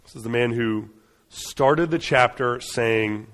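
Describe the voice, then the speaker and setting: A man's voice: mid-range voice, unhurried, fairly bright tone, big-room sound. A man preaching a sermon in an earnest, conversational way, often restarting his phrases.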